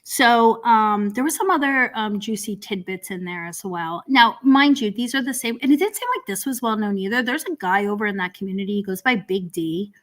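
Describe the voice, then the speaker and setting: A woman's voice: mid-range voice, a little fast, few pauses. Exasperated woman rambling through commentary. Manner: rambling, with many filler ums and restarts; exasperated, sarcastic. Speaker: host of a drama commentary stream. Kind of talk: casual commentary.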